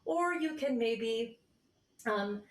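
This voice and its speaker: A woman teaching a choir vocal warm-up, reassuring singers as she explains each exercise. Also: on the high side, very slow, roomy sound. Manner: relaxed, reassuring coaching with sung demonstrations.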